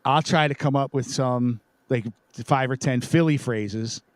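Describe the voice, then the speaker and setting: A man's voice: medium pitch, measured pace, no echo. A man co-hosting a casual chat, telling stories and planning the next episode's segments. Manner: storytelling, organizes segments. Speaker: podcast co-host.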